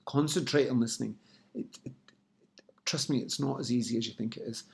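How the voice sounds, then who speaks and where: A man's voice: mid-range voice, fairly quick, gravelly, darkish tone. A man giving direct sales coaching tips in an instructional talk. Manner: coaching, direct, frequent "yeah, right?". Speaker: sales trainer.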